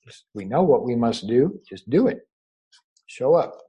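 A man giving a spiritual teaching over a video call, unhurried and gently reassuring, often repeating his words. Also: medium pitch, very animated, slightly rough, low-quality recording. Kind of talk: meditative spiritual talk. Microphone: own microphone over a video call.

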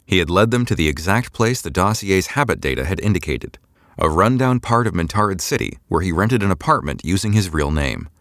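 Male audiobook narrator, deep and animated, measured storytelling, close mic. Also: no room sound.

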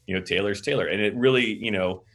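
A film director being interviewed, talking casually with many fillers and restarts, acting out quotes from the set. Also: male voice, fairly low pitch, fast, vocal fry, a bit bright. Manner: rambling, filler-heavy, acts out quotes.

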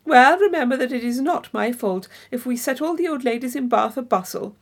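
A woman's voice: sits high, animated, a little fast. Isabella, a woman voicing a gushing young lady. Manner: effusive, theatrical exclamations.

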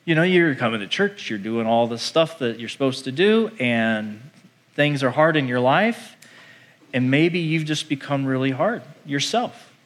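A male pastor preaching a sermon in an animated, conversational way, acting out the voices he quotes. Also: medium pitch, measured pace.

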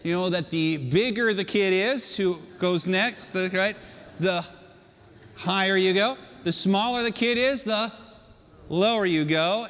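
Male pastor, high voice, animated storyteller, reverberant hall. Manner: storytelling, animated, self-mocking. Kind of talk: sermon.

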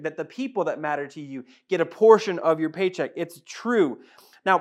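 High-voiced man preaching with emphatic repetition. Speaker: pastor. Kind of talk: sermon.

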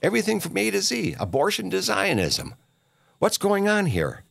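A man from Minneapolis hosting his own podcast, ranting in a halting, rambling way full of filler sounds and restarts, with a scornful, combative edge. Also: high-pitched, huge pitch swings, creaky, fairly bright tone, a little hiss or hum. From Minneapolis, USA. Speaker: podcast host. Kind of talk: solo rant monologue.

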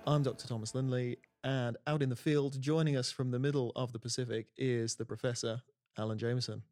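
A man's voice: medium pitch, little pitch movement, fairly quick, a little mellow, no room sound, soft background music. A man hosting a science podcast, chatting casually with dry, wry quips. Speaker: podcast host.

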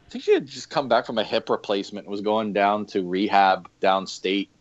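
Lowish, expressive, and brisk, this man tells rambling anecdotes about his former work as an EMT and historic fort coordinator. He is a podcast guest in a casual interview, laughing a lot and leaning on fillers, and the remote audio is dull and lo-fi.

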